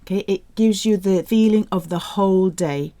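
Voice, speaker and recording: A woman teaching French, speaking with slow, clear enunciation on the example phrases. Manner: lively jumps in pitch on example phrases. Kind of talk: audio language lesson.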